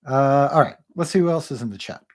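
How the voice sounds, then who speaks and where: A man in his thirties with a medium, darkish voice talks quickly. Co-hosting a casual livestream, he greets viewers and reads their comments aloud, laughing often.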